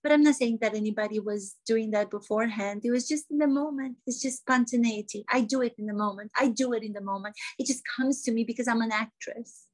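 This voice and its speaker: A woman acting coach with a somewhat high voice delivers mocking commentary. Her delivery is sarcastic and theatrical, full of exaggerated disbelief. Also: quick pace, few pauses.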